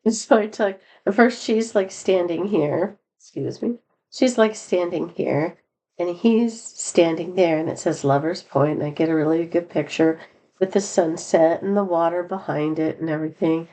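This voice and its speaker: A woman's voice: fairly low pitch, moderate pace, dark tone. A middle-aged woman telling a rambling personal story in a casual vlog, laughing often and lifting her voice for quoted lines. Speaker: vlogger.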